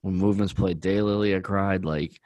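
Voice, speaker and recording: A man's voice: low-pitched, steady tone, normal speed, darkish tone, no room sound. A man co-hosting a podcast, talking earnestly in a rambling way with many fillers. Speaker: podcast co-host. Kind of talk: casual chat.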